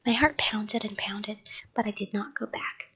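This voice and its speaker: A woman reading a children's story aloud in a soft, half-whispered bedtime voice. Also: mid-range voice, steady tone, a little slow.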